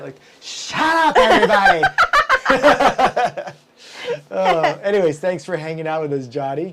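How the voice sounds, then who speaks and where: A man's voice: fairly high pitch, a little hiss or hum, poor audio. A man hosting a live show, talking in casual livestream chat, rambling with many restarts and frequent chuckles.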